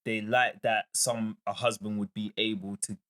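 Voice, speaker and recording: Man, low voice, podcast co-host, soft, hesitant, unhurried. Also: little pitch movement. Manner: quiet, hesitant, thinking aloud. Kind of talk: casual podcast chat.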